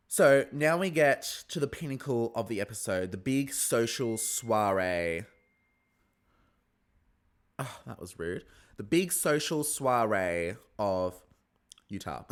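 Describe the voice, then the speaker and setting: A man giving a casual, gossipy recap of a reality TV episode, swearing freely and mimicking the cast in a high voice. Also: a bit bright.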